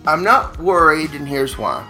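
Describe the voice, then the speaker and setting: A man co-hosting a comedy podcast, riffing on improvised scenarios with playful, drawn-out storytelling. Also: very animated, pushed and bright, soft background music. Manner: playful, drawn-out storytelling with sudden jumps in pitch. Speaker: podcast co-host.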